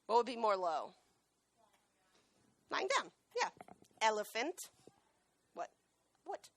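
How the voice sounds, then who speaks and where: Bright-voiced woman teaching a class. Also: on the high side, slow pace, creaky, long pauses. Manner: lively, questions the students often. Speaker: dog trainer and veterinary technician. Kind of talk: classroom talk with a live dog demo. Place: school classroom.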